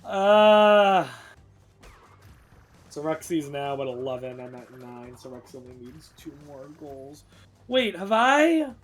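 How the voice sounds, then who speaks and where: A man's voice: mid-range voice, steady tone, takes it slowly, soft background music. A man racing in a live game stream, thinking aloud in an anxious, rambling way. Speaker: speedrunner competing in a bingo race. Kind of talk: live gameplay chatter.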